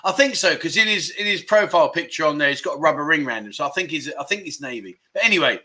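A man's voice: fairly high pitch, lively intonation, fast talker, bright, forceful tone. A man hosting a casual livestream, cheerfully greeting viewers one by one and chuckling often. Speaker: livestream host. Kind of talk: casual livestream chat reading comments.

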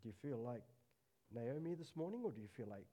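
A middle-aged man preaching a sermon at a church service, earnest, dropping to a hush on solemn lines. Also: mid-range voice, big pitch swings, brisk.

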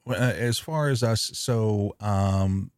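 A man with a lowish, slightly mellow voice hosts a podcast in a dry recording with clean studio sound. He chats casually in a rambling, easygoing way and laughs readily.

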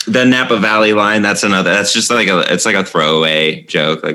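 A man hosting a podcast, asking a comedian about his jokes in a halting, casual way. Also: sits low, fairly even intonation, pushed and bright, slight background noise. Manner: halting, many fillers and restarts. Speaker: podcast host. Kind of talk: interview questions, casual chat.

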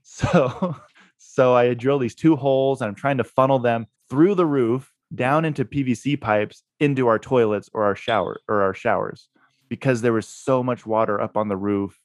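A man's voice: medium pitch, moderate pace, no room sound. A man being interviewed, telling a story in a laid-back way and laughing at himself. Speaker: guest, real estate investor.

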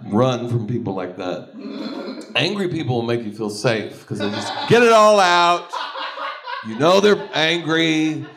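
A man doing a stand-up comedy set, crude and animated, often laughing between lines. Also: medium pitch, unhurried, noisy background. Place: comedy club stage.

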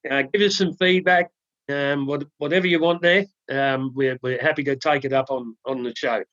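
A man co-hosting a podcast, telling a joke in a relaxed, halting way with many ums and restarts. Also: mid-range voice, dry recording. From Australia. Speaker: podcast co-host. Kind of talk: casual chat, telling a joke. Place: home studio in the UK. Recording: dry, slightly dull sound.

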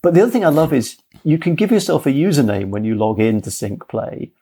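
A man's voice: mid-range voice, sing-song, fast, mellow, slightly rough. A man co-hosting a podcast, enthusiastically explaining things in casual chat. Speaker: podcast co-host.

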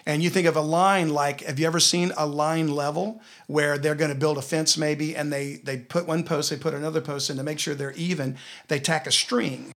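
A man with a Southern US accent leads a relaxed Bible lesson. His voice sits a little higher than most men's. He tells the stories in an easy, chatty way and slows down when he reads scripture. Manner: storytelling, slows down to read scripture. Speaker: Bible teacher.

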